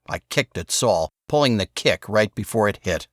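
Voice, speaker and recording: A man narrating an audiobook in the first person, with expressive storytelling. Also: on the low side, normal speed, dry recording, studio quality.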